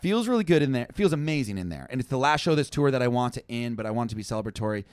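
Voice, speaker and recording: A young man telling a long, rambling story in casual chat, animated and full of fillers. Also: medium pitch, very fast, clear, resonant tone, dry recording, clean studio sound. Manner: animated, rambling, heavy use of "like". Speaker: touring musician, guest.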